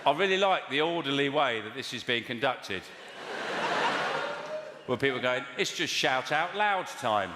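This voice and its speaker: Brief: male stand-up, deadpan rambler, lively swooping pitch, echoey hall, loud crowd noise. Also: normal speed, pauses often. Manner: rambling, deadpan storytelling with audience banter. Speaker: stand-up comedian. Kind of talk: stand-up comedy with crowd work. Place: live comedy venue with audience. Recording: echoey live venue, loud audience.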